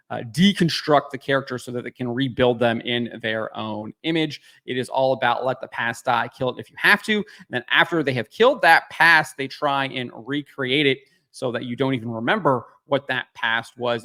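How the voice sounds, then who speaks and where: A man talking straight to his audience about entertainment, with a critical, dismissive edge. His voice sits at an ordinary middle pitch, and he speaks casually, pausing on "uh" fillers as he works through his points. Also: sharp tone. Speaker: commentary channel host. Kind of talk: casual opinion commentary.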